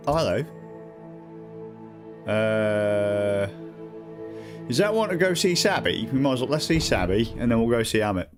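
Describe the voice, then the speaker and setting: A man with a British accent, swearing and joking through casual gameplay commentary. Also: mid-range voice. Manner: crude, joking, swears a lot. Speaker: gaming streamer. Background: faint game music.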